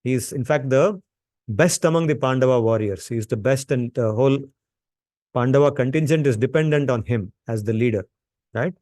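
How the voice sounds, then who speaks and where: A man's voice: medium pitch, brisk, darkish tone. A man with a mid-range voice teaches a scripture class in a patient, conversational way. He repeats points for emphasis and often checks in with the listener with a rhetorical "right?". The recording is dry and close, with no room echo. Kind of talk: explanatory lecture on scripture.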